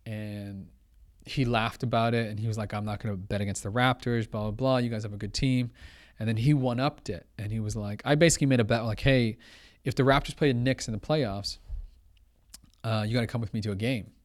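A young man, a podcast guest, telling a story in casual chat, animated and acting out what others said. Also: on the low side, a little fast. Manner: animated, quotes others, says blah blah.

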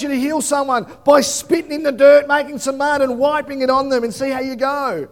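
A man preaching a sermon in an animated storytelling manner that bursts into shouting. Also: extremely high pitch, brisk, hardly any pauses. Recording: long hall reverb.

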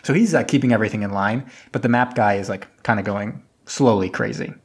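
A man in casual chat, recapping a film at length and acting out the characters with jumps in pitch. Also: fairly quick, slight background noise. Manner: rambling retelling, acts out characters with pitch jumps. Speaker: podcast co-host.

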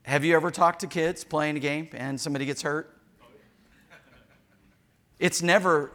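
A man's voice: on the high side, fairly even intonation, normal speed, long pauses, bright, forceful tone. An older man preaching a sermon as a pastor, joking and telling stories, acting out little quotes in between. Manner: joking, storytelling preacher who acts out quotes.

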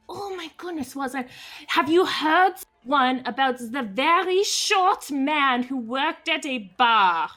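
Female player, playful and giggly, high and bright, with a lively pitch. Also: slow. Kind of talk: playing a tabletop game.

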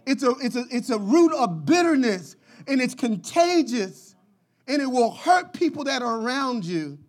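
Pastor guy preaching, really high voice, gets loud then soft, cracks jokes. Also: big pitch swings, moderate pace. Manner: impassioned preaching, swinging from quiet to shouting; jokes, laughs. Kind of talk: sermon.

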